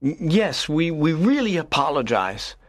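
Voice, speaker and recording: A man's voice: on the high side, very animated, measured pace, no echo, studio quality. A man voicing a nervous stammering schoolboy. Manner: stammering, hesitant. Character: nervous, curious teenage schoolboy. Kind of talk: audiobook drama reading.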